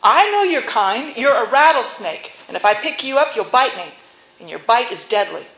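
A woman doing a loud, wary young man. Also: fairly high pitch, big pitch swings, normal speed. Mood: defiant. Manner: loud, emphatic refusal. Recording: echoey room.

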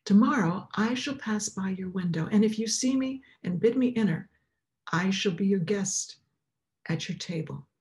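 A gentle divine voice speaks in solemn, measured phrases, as a woman reading the story puts it on. The delivery is calm and unhurried. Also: mid-range voice, lightly acted.

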